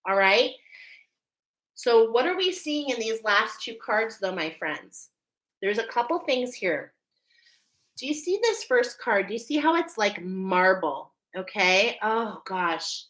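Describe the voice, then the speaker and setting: Bright, emphatic woman reading oracle cards. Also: medium pitch, animated, takes it slowly, low-quality recording. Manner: emphatic, checks in with "okay?" constantly; emotional, spiritual, preacher-like. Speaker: spiritual card reader. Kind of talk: live oracle card reading.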